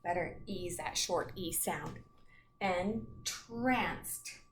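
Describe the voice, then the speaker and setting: A woman teaching a children's phonics lesson, slowly breaking words into single sounds and matching them to letters. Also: medium pitch. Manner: slow, segments words into sounds. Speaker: storytime teacher. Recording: echoey room, faint noise.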